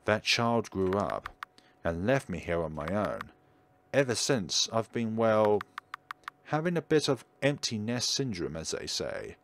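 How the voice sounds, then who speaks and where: A man voicing a lonely, motherly woman witch who lives in the woods, gentle and polite as he reads game dialogue aloud. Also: on the low side, very animated, measured pace, slight background noise.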